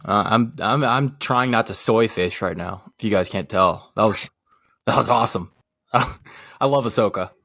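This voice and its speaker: Excitable male co-host, low voice, dry close sound, fan energy. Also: normal speed, no room sound. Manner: excitable fan gushing, swears casually. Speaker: podcast co-host. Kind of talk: casual chat.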